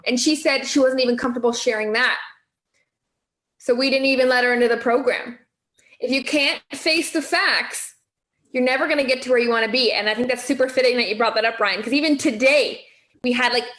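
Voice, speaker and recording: A woman's voice: high voice, brisk, fairly bright tone, reverberant. A woman leading a weight-loss coaching session, encouraging and asking the group direct questions. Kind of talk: motivational group talk.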